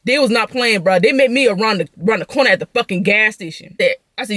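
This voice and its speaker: A young woman telling a venting story at a quick clip, profane and animated. Her voice is dry and close, with no room sound around it, and her pitch sits mid-range. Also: no room sound. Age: young adult. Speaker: vlogger.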